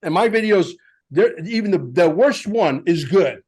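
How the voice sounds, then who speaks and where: A man hosting a podcast, telling stories in an animated, blunt and emphatic way. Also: sits high, measured pace, breathy edge. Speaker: podcast host. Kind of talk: casual podcast chat.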